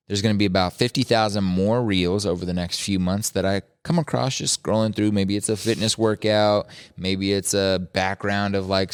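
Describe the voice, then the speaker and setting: Laid-back man with a smooth low voice. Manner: laid-back, slangy, opinionated riffing. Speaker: podcast host. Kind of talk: casual chat.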